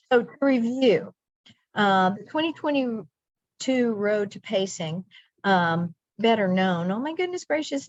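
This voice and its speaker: A woman's voice: medium pitch, dry recording. A middle-aged woman walks teachers through a planning workshop. She keeps it chatty and upbeat, dropping playful asides between points. The recording is dry and slightly muffled, like a computer mic. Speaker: teacher trainer.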